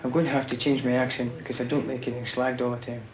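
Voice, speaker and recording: A young man with a Scottish accent talks in a casual interview, his voice sitting in an ordinary middle range. He is a soldier from the Highlands and speaks informally, peppering his talk with slang. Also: flat delivery, fast talker, rough recording.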